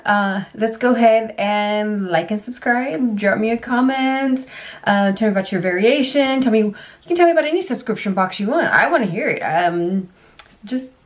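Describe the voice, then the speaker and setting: Chatty woman unboxing beauty products. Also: on the high side. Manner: chatty, self-deprecating, laughs easily; frequent ums and trailing asides. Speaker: beauty vlogger. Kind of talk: casual unboxing chat.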